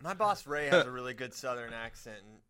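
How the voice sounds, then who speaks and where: A man hosting a podcast in casual, joking chat that grows loud when he gets excited. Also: mid-range voice, a little fast, clean tone. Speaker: podcast host.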